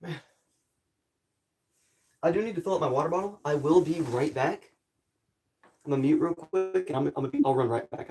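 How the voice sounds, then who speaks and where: Still groggy from the morning, this young livestreamer rambles apologetically to his viewers from a rural home. His voice is a little high with a dark tone, fairly quick, broken up by long pauses.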